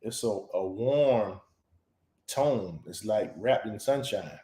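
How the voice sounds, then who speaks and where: A man's voice: animated, slow, dark tone. Dry-humored man in a roomy echo. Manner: dry, low-key joking. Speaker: co-host of a live stream. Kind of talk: casual chat.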